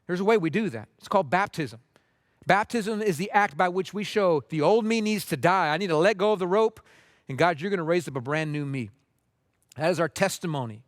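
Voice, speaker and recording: Male pastor, high voice, dry close sound; earnest sermon delivery, urgent then softly pleading. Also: expressive, a little fast, dry recording. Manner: urgent and heartfelt, dropping to soft pleading.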